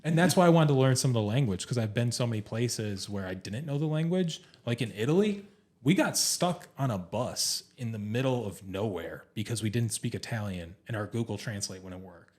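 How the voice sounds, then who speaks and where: A man's voice: mid-range voice, lively intonation, brisk, darkish tone. A man in his thirties co-hosting a podcast, talking in a laid-back way full of "like" fillers. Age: 30s. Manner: easygoing, lots of "like" fillers. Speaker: podcast co-host. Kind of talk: casual chat.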